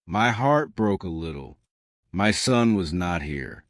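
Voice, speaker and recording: Man, storybook narrator, lowish voice, slow and measured, dry close recording. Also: animated, no room sound. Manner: plain short sentences, measured. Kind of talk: scripted storybook narration for English learners.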